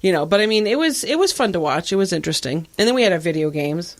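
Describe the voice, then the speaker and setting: Animated, laughing woman podcast host. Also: fairly low pitch, fast. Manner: animated storyteller who laughs often. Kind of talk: casual chat.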